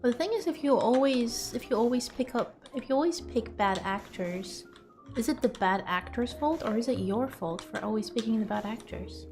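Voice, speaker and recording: A woman's voice: a little high, animated, moderate pace, a little mellow, soft background music. A young woman streaming, chatting casually with viewers in a self-mocking, laughing way.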